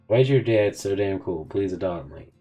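Deep-voiced man reading texts aloud. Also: expressive, moderate pace, dark tone, faint music behind. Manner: casual, offhand reading of both sides of a chat. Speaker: gaming video host. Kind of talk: reading in-game text messages aloud.

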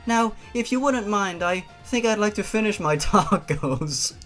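A man voicing a wistful, self-pitying young woman killer, speaking high and sighing. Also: animated, unhurried, a bit bright, soft background music. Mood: melancholy.

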